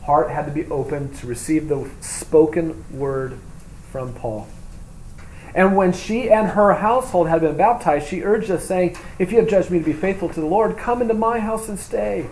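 A man preaching a sermon, reading scripture aloud and explaining it, moving between loud emphatic reading and quiet, low asides. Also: normal speed. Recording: echoey room with faint hum.

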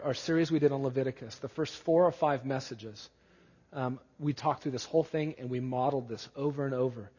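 A man preaches a sermon with earnest emphasis and often turns to his listeners with questions. His voice sits slightly high and sounds a little husky. The recording is dull and lo-fi, with a long reverb trailing through a large hall. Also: a little mellow. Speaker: pastor.

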